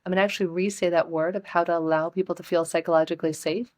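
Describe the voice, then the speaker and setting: A woman guest on a podcast, speaking in a calm, grounded way and ending her phrases on a downbeat. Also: lowish voice, racing. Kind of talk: casual conversation.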